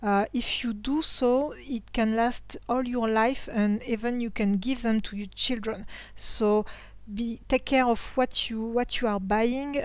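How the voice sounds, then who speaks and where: A woman's voice: medium pitch, a little mellow, smooth, no room sound. A woman with a French accent and French as her first language, hosting a sewing tutorial in a casual talk to camera. She speaks hesitantly as she searches for words. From France. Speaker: historical sewing channel host.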